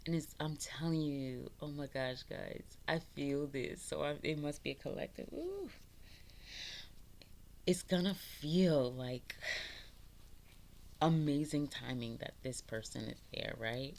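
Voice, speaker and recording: A woman's voice: low-pitched, lively intonation, slow pace, creaky, darkish tone, slight background noise. A woman from the Bronx gives a casual spiritual pep talk to her viewers. She swears freely, laughs often and preaches. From New York, the Bronx. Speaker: spiritual vlogger.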